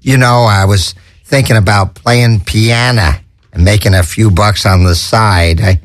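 A man's voice: lowish voice, fairly even intonation, unhurried, dry recording, clean studio sound. A man hosting a comedy show, telling corny puns with stammers and chuckles at his own jokes. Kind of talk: corny stand-up patter.

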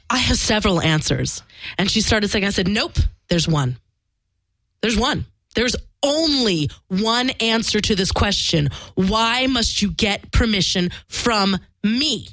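A woman's voice: medium pitch, fairly bright tone, no room sound. Frank, emphatic woman telling a story. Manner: frank and emphatic, swears freely, acts out quoted dialogue. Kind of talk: candid conversational storytelling.

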